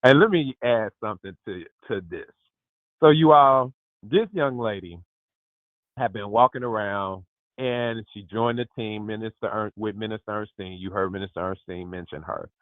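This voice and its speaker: A man in his fifties hosting a lively group call, exuberant and emphatic, often calling out to his listeners. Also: lowish voice, normal speed, dry recording. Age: 50s. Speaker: host. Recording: dry tinny phone line.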